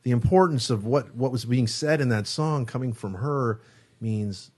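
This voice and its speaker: A man's voice: mid-range voice, normal speed, a little mellow, husky. A male guitarist in a studio interview, telling a story casually, acting out quotes and swearing freely. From San Francisco Bay Area. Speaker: guest guitarist.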